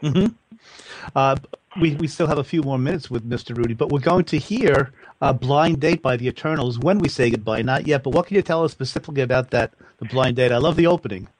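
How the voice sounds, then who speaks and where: Brief: male radio host, middle pitch, effusive, dry close sound. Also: brisk, no room sound, low-quality recording. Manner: chatty, effusive interviewer. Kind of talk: interview chat.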